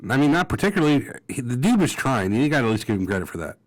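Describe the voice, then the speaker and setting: A man co-hosting a wrestling podcast, telling stories briskly with blunt, crude jokes. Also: medium pitch, big pitch swings. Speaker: podcast co-host. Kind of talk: casual wrestling podcast chat.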